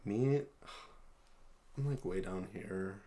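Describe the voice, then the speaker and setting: A woman guesting on a casual movie-review chat, deadpan and playful in her remarks. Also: extremely low pitch, slow.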